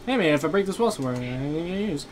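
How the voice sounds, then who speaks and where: A man's voice: on the high side, very animated, rapid-fire, a crowd in the background. A young man giving casual, joking commentary over a horror game, often swearing. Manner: joking, playacting, swears a lot. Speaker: gamer. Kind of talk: casual let's play commentary.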